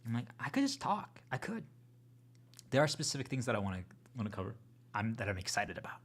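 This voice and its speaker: A man's voice: medium pitch, sing-song, fast, husky. Earnest rambling man talking to viewers. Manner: earnest, rambling, many restarts. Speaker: channel host. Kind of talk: unscripted motivational monologue.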